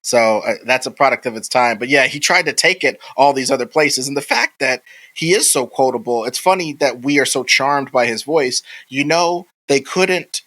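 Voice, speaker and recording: A man's voice: mid-range voice, lively intonation, moderate pace, few pauses, fairly bright tone, poor audio. A man co-hosting a podcast in casual, rambling chat, swearing freely and acting out movie quotes. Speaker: podcast co-host.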